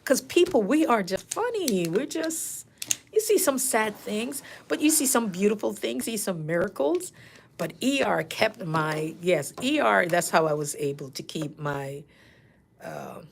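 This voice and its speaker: A middle-aged woman host telling casual, animated stories from her nursing work, laughing and acting out patients' lines. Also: medium pitch, unhurried, vocal fry, a little hiss or hum. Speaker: nurse coach and channel host. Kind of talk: casual storytelling.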